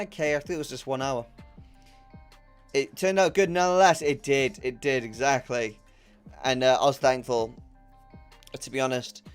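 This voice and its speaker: A young man chatting casually on a game stream, laughing often and swearing freely. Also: medium pitch. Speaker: live-streaming gamer.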